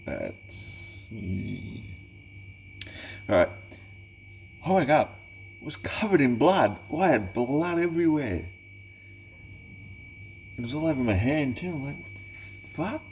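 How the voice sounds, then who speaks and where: A man's voice: mid-range voice, very animated, slow, gravelly, pauses often, a little mellow, soft background music. A man rambling in a casual vlog monologue, swearing constantly and chuckling, with a mock-exasperated, slightly tipsy manner. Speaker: vlogger.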